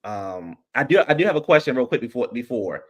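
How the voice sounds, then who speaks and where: A man's voice: mid-range voice, big pitch swings, a little fast. A man hosting a casual podcast, talking in an upbeat way as he runs the game segments. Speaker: host.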